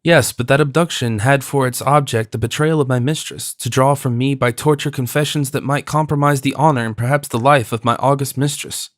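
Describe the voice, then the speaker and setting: A man's voice: medium pitch, fairly even intonation, fairly quick, few pauses, no room sound, clean studio sound, close to an everyday voice. A man voicing a spirited young wife in an audiobook, scornful and pleading by turns, his voice lifted for her. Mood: earnest. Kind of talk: audiobook character voice.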